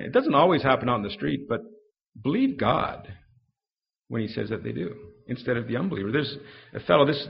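A man giving a fast, story-driven live talk on defending the faith, acting out the voices in his anecdotes. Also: mid-range voice, vocal fry, lo-fi sound. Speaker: Christian speaker.

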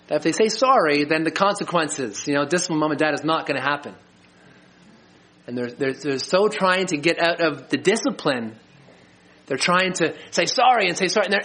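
A middle-aged man preaching a sermon as a pastor, earnest and slowing down to stress key lines. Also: a little high, pushed and bright. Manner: earnest, slows for emphasis.

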